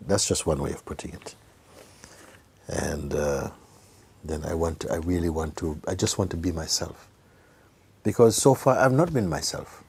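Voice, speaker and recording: A man giving a spiritual talk to a gathering, speaking gently, often laughing and sometimes dropping into a whisper. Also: extremely low pitch, normal speed, gravelly, long pauses, slightly rough. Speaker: spiritual teacher.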